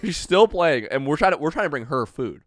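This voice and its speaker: A man hosting a podcast, telling a story in a casual, animated way, with swearing, as he acts out what people said. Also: fairly high pitch, fairly quick, no echo, clean studio sound. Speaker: podcast host.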